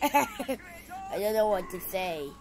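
A woman giving casual reaction commentary to videos, excitable and exclaiming, swinging from loud outbursts to low mumbling. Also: slow pace, a little hiss or hum, rough recording.

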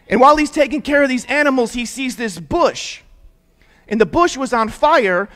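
Young male youth pastor with a high voice, chatty and interactive, leads call-and-response. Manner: lively, prompts the audience to repeat words; conversational storytelling with casual fillers. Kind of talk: interactive sermon for young people.

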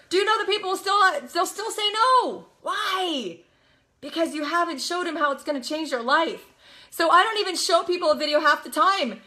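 A young woman coaching a live audience with a high, bright voice. She talks with emphatic energy and drops into playful acted-out quotes. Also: expressive, normal speed. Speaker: network marketing coach. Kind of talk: live motivational talk.

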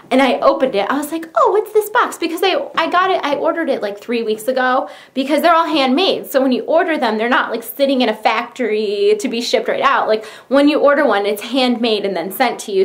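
Gushing, bubbly young woman vlogger. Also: a little high. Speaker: YouTuber. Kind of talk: casual product show-and-tell.

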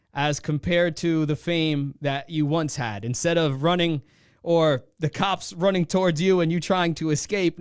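A male podcast host asking his guest questions in an earnest, admiring way with halting phrasing. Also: high-pitched, clear, resonant tone, dry recording, studio quality. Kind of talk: interview questions.

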